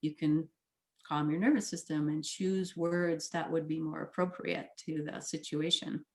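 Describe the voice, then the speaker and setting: Gentle soothing woman therapist. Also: deep voice, fairly even intonation, measured pace. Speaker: therapist guest. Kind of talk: casual conversation.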